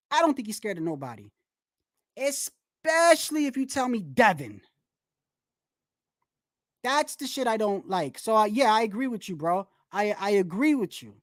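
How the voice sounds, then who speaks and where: A woman's voice: a little high, dry recording, clean studio sound. A woman hosting a live boxing commentary stream, ranting bluntly with frequent swearing and restarts.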